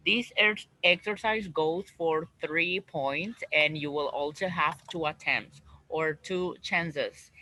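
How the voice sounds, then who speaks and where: Guy teaching english on a video call, slow and bright, keeps repeating words. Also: on the high side, poor audio. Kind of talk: online class teaching.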